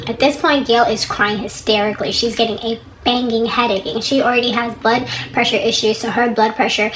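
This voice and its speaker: A woman's voice: on the high side, a little fast, slight background noise, poor audio. Chatty woman telling a story. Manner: animated, chatty, quotes people in dialogue. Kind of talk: casual storytime retelling.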